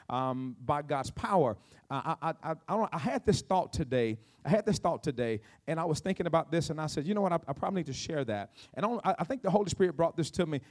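A middle-aged male pastor with a high voice preaches a sermon. He talks straight to the congregation and asks them to answer back. He swings between soft, low stretches and loud, lifted exhortation. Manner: calls out to the congregation, asks for responses.

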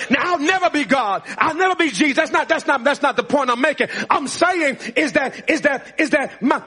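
A man with an extremely high pitch, pushed and bright with a breathy edge, preaches in a church sanctuary. As pastor, he leads call-and-response with the congregation and laughs a lot.

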